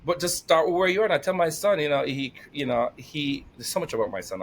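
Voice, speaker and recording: A middle-aged man talking casually as a podcast guest, energetic and emotional, laughing often and near tears. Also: mid-range voice, a little fast. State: tearful. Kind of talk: casual conversation.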